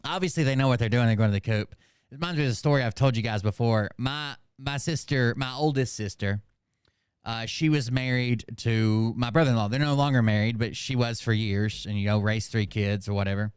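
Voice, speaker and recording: A man's voice: medium pitch, brisk, clear, resonant tone, no room sound. Middle-aged man, casual profane storyteller, clean resonant voice, dry close sound. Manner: animated, profane, laughs at his own stories. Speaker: host.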